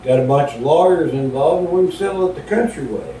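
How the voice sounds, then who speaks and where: A man's voice: lively intonation, fast, dark tone, natural voice. A man voicing a huge, stubborn old country farmer who talks bluntly in a folksy drawl, heard from a distance in a roomy space. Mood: gruff. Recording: roomy and distant, faint rumble.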